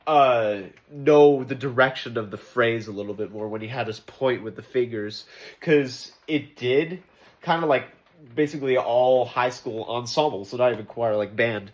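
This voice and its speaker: Casual male vlogger, rambling choir critique, lots of ums and restarts, nerdy enthusiasm, mid-pitched voice. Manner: rambling, many fillers and restarts; enthusiastic about music details. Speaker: choir member giving feedback. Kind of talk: casual spoken critique and explanation.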